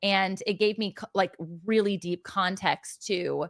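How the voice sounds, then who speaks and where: A woman's voice: mid-range voice, measured pace, creaky, no echo, studio quality. A woman, a mother and podcast guest, telling a heartfelt personal story in a casual chat, earnest and effusive. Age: adult with children.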